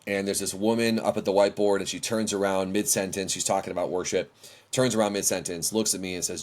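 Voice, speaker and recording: A middle-aged man with a fairly low voice tells stories from his own life. He talks in an animated way and acts out what he said back then. He speaks as the guest of an interview podcast. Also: a little fast. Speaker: worship leader, guest.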